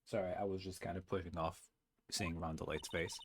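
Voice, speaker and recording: A man's voice: deep voice, little pitch movement, a little fast, faint music behind. A man giving casual, wry commentary while playing through a game. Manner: chatty, wry asides. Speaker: let's-play streamer.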